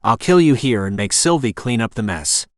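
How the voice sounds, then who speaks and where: A smirking storybook villain who taunts his captives in a leering, menacing way, as a male narrator plays him. The voice sits at an ordinary middle pitch, and the recording is close and dry. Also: expressive, moderate pace, no echo, close to an everyday voice. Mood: furious.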